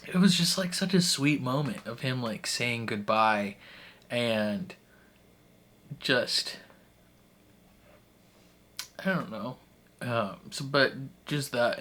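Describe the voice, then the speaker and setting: A man's voice: medium pitch, fairly bright tone. A man in his late twenties hosting a reaction channel, talking through a TV episode in a rambling, heartfelt way with lots of fillers and restarts. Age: 20s. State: emotional, tearing up. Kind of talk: casual reaction commentary.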